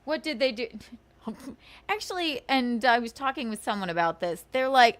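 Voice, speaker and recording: Sarcastic woman host, casual stream rant, giggly, lively pitch. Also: moderate pace. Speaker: livestream host.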